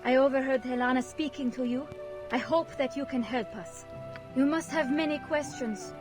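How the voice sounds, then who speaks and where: Actress as a high, poised game mother, formal and courteous, game audio over music. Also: moderate pace, close to an everyday voice. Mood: gracious. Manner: formal, even delivery. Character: composed refugee mother, formal and welcoming. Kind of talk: fantasy game voice acting.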